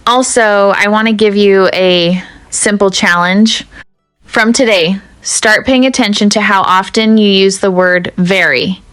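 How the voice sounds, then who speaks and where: Smooth, dry-voiced woman teaching English. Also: mid-range voice, fairly bright tone, no room sound, soft background music. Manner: measured, deliberate, addresses the viewer directly. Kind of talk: scripted teaching narration.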